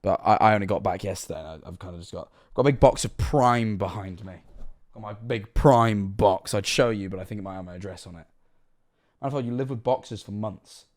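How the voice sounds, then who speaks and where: A young man streaming reaction commentary, casual and sweary, breaking into loud excited outbursts. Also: lowish voice, brisk.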